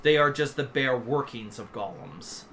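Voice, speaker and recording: A man runs a tabletop game as game master, with a bright, forward voice. He talks in a loose, chatty way. Faint noise hums under the recording. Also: medium pitch, very animated, normal speed. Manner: loose, chatty, with sudden loud character outbursts.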